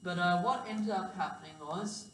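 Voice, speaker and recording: A man's voice: high-pitched, moderate pace, a bit bright. A sleep-deprived man giving a casual, rambling history lecture, swearing and correcting himself as he goes. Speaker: history presenter. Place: lecture hall. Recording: echoey hall, distant mic, faint hum.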